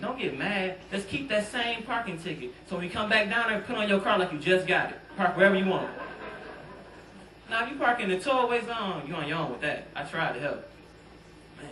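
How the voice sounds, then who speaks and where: Bright-voiced comic on stage. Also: male voice, high voice, recorded from a distance, a little hiss or hum. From Detroit. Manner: loose, bantering, talks straight to the crowd. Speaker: stand-up comedian. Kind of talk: stand-up comedy set. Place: comedy club stage. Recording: roomy club sound, mic set back.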